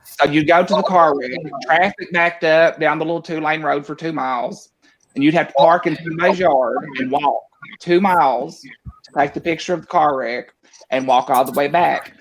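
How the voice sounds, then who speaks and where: A man's voice: a little high, moderate pace, a little hiss or hum. A man with a Southern Appalachian accent telling stories in casual chat, often laughing and mimicking locals. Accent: Southern US, East Tennessee.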